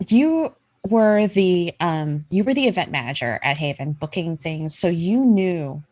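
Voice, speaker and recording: A woman's voice: lowish voice, expressive, a little slow, darkish tone. A woman running a tabletop game, narrating in a giggly, rambling way. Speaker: game master.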